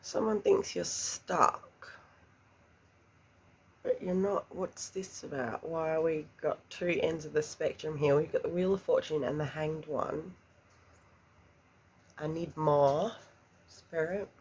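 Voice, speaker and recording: A woman giving a slow, hushed tarot reading, emotional and often close to a whisper. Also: low voice, husky. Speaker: tarot reader.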